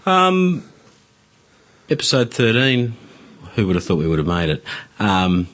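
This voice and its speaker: A man's voice: on the low side, big pitch swings, unhurried, fairly bright tone. A man co-hosting a casual podcast, explaining things with dry, wry humour. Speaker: podcast co-host.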